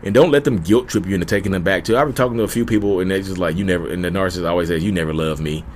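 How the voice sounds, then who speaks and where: A man talks straight to his audience in a casual, heartfelt way, repeating his points and calling everyone y'all. His voice sits on the lower side. A faint hum of room ambience runs underneath. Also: racing. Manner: earnest, repetitive, addresses listeners as y'all. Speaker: YouTube host. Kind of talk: casual direct-to-camera advice talk.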